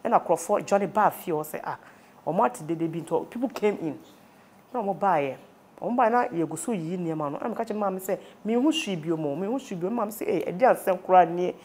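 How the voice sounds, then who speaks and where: A woman's voice: lowish voice, animated, a little mellow, slight background noise. A woman with a Ghanaian accent, a guest earnestly recounting a personal ordeal, switching between languages. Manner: earnest, rapid mix of Twi and English. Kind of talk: personal testimony.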